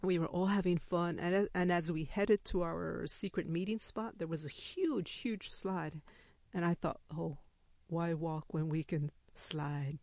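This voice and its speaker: A woman storyteller telling a personal story to a live audience, animated and laughing as she acts out the quoted speech. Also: on the low side, a little slow, no echo.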